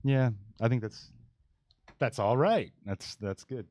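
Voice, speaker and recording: A man's voice: medium pitch, expressive, takes it slowly, darkish tone, no room sound. A man in his forties hosting a casual podcast panel, talking bluntly and rambling with many restarts. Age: 40s. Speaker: podcast host.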